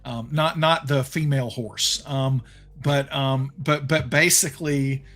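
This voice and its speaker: Man, Southern accent, game master, halting delivery full of ums, faint music underneath. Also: mid-range voice, steady tone, fairly bright tone. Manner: hesitant, many ums and restarts. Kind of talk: narrating a tabletop game.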